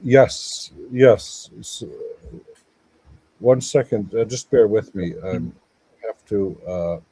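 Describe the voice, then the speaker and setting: A man's voice: on the low side, slow pace, dark tone, slightly rough, no echo, rough recording. A man speaking as a guest scholar in a live panel discussion, explaining at length in a digressive, lecturing way. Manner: mutters while searching for notes.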